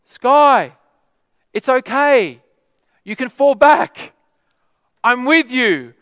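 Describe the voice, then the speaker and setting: A man voicing an excited male church leader who calls out loudly from the far end of a room. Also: extremely slow, smooth, dry recording, clean studio sound, long reverb tail, heavily acted. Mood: coaxing, excited. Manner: high-pitched, loud, calling from far off.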